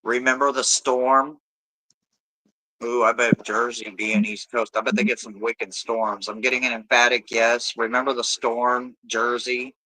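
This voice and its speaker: A man's voice: medium pitch, little pitch movement, unhurried, pushed and bright, low-quality recording. A man hosting a live tarot stream, chatting casually and loosely with viewers, swearing freely and rambling between readings.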